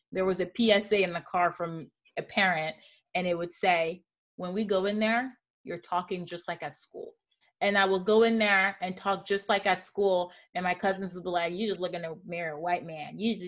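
A young woman from Gabon, speaking as a panelist in a casual discussion and telling candid, lively stories. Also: mid-range voice.

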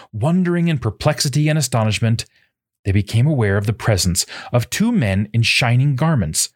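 A man giving scripted narration, reading formal scriptural prose in a solemn, measured way. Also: on the low side, darkish tone.

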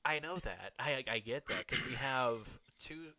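A man's voice: mid-range voice, lively intonation, a little slow, bright, forceful tone, no room sound. A man in casual chat, talking loosely, swearing often and laughing a lot.

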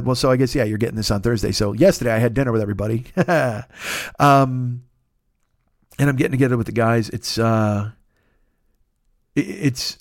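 A man in his fifties hosting a casual solo podcast, rambling, excitable and full of profanity. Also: lowish voice, no echo, clean studio sound. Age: 50s. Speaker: podcast host.

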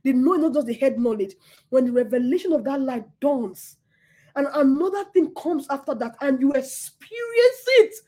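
A woman's voice: high-pitched, expressive, normal speed, mellow. A woman preaching a sermon with passion, who repeats her words and swings between laughter and near tears.

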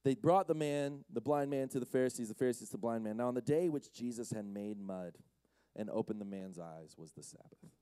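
A man's voice: medium pitch, a little fast, mellow, smooth, no echo, poor audio. A man giving a humorous Bible-story talk as a youth speaker, joking and acting out the scenes in quoted voices.

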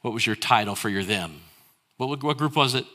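A man's voice: medium pitch, expressive, moderate pace. A male pastor preaching a sermon, asking rhetorical questions and getting the congregation to answer and repeat lines after him. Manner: rhetorical questions, shifts between hushed and raised delivery.

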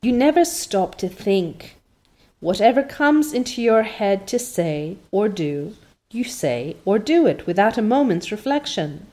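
A nosy, opinionated older village matron, as a woman reader puts her on, talking with plain self-assurance. She lectures and gossips in a storybook reading with an ordinary, middle pitch. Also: sing-song, a little slow, mellow. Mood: lecturing. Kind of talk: audiobook character voice.

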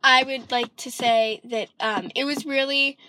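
A woman's voice: high voice, fairly even intonation, a little slow, sharp tone, slight background noise. A young woman from Michigan chatting casually in a vlog, rambling with lots of ums and sometimes drifting into a British-sounding lilt. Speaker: vlogger.

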